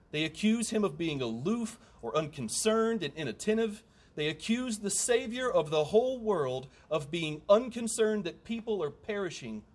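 A man preaching a sermon in a conversational way, with humorous asides and emphatic repetition. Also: on the high side.

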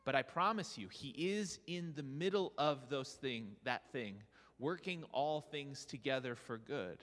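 A man preaching a sermon as pastor, earnest and animated, often asking his listeners rhetorical questions. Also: medium pitch, measured pace, long reverb tail.

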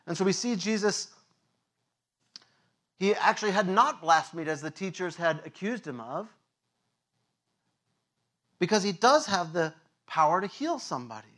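Male pastor preaching, kinda high voice, super animated, does sound effects and laughs a lot. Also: normal speed, pauses often. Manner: animated storyteller who acts out quotes and sound effects; frequent fillers and laughs. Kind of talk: sermon with a storytelling anecdote.

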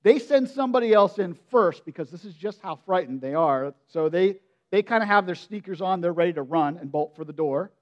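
A man giving a sermon as pastor, preaching in an expressive, conversational way and often asking his listeners direct questions. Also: sits high, fairly quick, hardly any pauses, muffled recording.

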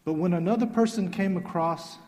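Male pastor, mellow, earnest sermon voice, soft emphatic drops, long hall reverb. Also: sits high, brisk.

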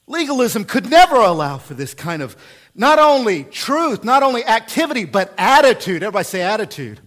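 A male pastor preaching a sermon, emphatic and repetitive, swinging from quiet asides to loud bursts. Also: high voice, very animated, fairly quick. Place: church.

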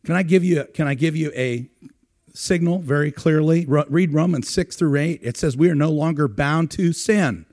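A man's voice: fairly high pitch, warm tone. A middle-aged man, a pastor, preaching a sermon in a conversational style and asking his congregation rhetorical questions.

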